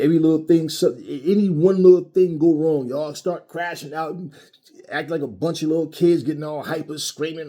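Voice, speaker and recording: Angry, husky-voiced man ranting. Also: fairly high pitch, dark tone. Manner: angry, profane, mocking. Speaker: boxing commentary channel host. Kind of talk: heated opinion rant.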